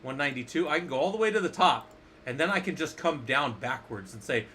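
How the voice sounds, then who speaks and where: A man's voice: fairly high pitch, animated, fast, sharp tone, slight background noise. A man teaching a casual screen-share lesson as an instructor, playful and jokey, often asking the viewers questions.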